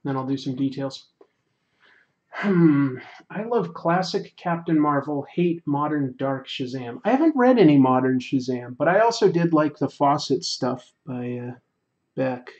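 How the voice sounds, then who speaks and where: A man hosting a drawing livestream, chatting casually and reading viewer comments, going quiet during fine detail work. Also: a little high, lively intonation, measured pace, muffled recording. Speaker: livestream host. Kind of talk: casual chat while drawing.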